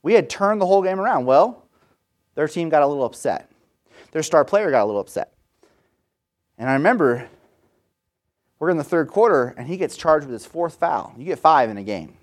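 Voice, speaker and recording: Guy in his 30s giving a sermon, chatty storytelling, mid pitch. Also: animated, a little fast. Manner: conversational storytelling, paraphrasing scripture in slang. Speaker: preacher.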